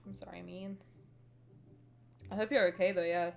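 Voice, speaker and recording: A woman's voice: fairly low pitch, fairly even intonation, moderate pace, gravelly, soft background music. Chatty British woman streaming. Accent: British English. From Britain. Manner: chatty, rambling, laughing, talks to chat. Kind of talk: casual reaction chat.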